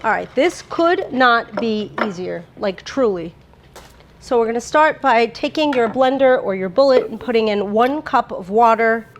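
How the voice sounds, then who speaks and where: A bubbly woman chats through a cooking demo in her kitchen, full of fillers and asides. Her voice sits fairly high, with a faint hiss in the background. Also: expressive, moderate pace. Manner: chatty and bubbly, lots of fillers. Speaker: brand presenter. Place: home kitchen.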